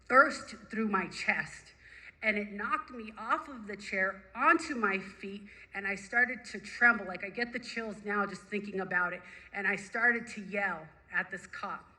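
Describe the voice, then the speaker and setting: A woman sharing her personal recovery story with a group, animated and emphatic, repeating phrases for effect. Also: medium pitch, poor audio. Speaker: recovery meeting speaker.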